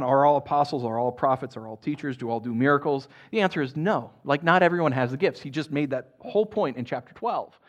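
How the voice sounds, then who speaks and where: A man preaching a sermon to his congregation, chatty and animated, often tossing in "right?", and dropping soft and low when he reads scripture. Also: highs cut off. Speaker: pastor.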